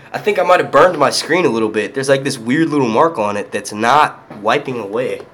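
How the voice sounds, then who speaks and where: With lively intonation and a fairly bright mid-range voice, a young Philadelphia YouTuber chats at a moderate pace on a casual live stream. There's slight background noise. He rambles, swears, and keeps laughing.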